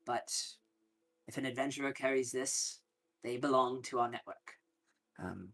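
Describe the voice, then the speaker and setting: A man narrating as game master of a tabletop game, often pausing with ums, with faint music behind. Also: mid-range voice. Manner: hesitant, many ums.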